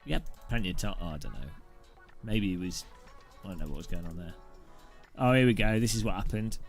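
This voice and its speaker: A man's voice: low-pitched, animated, brisk, vocal fry, soft background music. A man giving casual, jokey commentary over his sim racing gameplay and laughing often.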